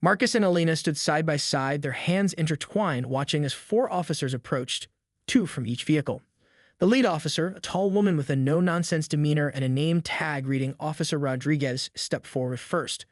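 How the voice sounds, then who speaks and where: A man's voice: on the high side, normal speed, no room sound, studio quality. A man reading a dramatic story as a narrator in a scripted way.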